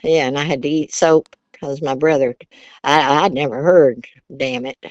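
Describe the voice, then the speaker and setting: Low-voiced older woman telling family stories. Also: fairly even intonation, moderate pace, dull audio. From Virginia, US. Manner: chatty, laughs often, Southern turns of phrase. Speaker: interview guest, grandmother. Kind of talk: casual storytelling.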